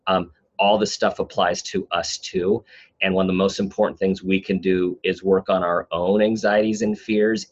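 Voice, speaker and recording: A man with a low, even-toned voice gives reassuring advice as a guest expert. His voice sounds slightly husky. It comes through a dull, muffled call line. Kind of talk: advice in an interview.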